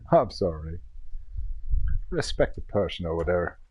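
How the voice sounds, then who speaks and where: A man's voice: deep voice, big pitch swings, takes it slowly, a little mellow, breathy edge. A man in his thirties from Germany, a native German speaker talking English with a German accent, ranting and swearing in broken English on a casual game stream. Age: 30s.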